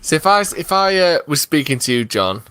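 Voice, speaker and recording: A man's voice: on the high side, very animated, brisk, pushed and bright, clear, resonant tone, no echo. A man from England co-hosting a casual live stream, chatty and explaining things with asides and fillers. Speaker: co-host.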